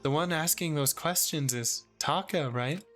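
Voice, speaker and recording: A man reading the lines of a polite, earnest computer program in a calm, formal way. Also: a little high, a little slow, faint music behind, voice pushed up.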